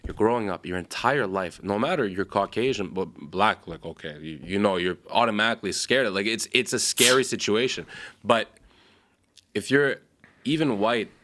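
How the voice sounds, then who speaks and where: A man's voice: lowish voice, moderate pace, fairly bright tone. A young man telling a long story in a casual podcast chat, rambling and correcting himself. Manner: rambling, self-correcting, laughs often. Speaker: podcast co-host.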